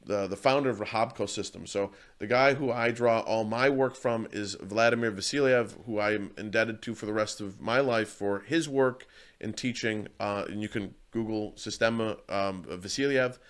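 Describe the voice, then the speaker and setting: A man's voice: fairly low pitch, moderate pace. A man talking in a casual interview as a martial arts coach. He tells stories earnestly and rambles, often restarting his sentences.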